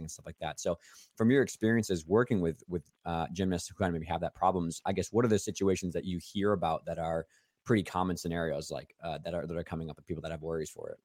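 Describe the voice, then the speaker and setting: A man hosting a casual podcast interview, chatty and quick with frequent restarts. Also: sits low, steady tone, a little mellow, dry recording, studio quality. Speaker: podcast host.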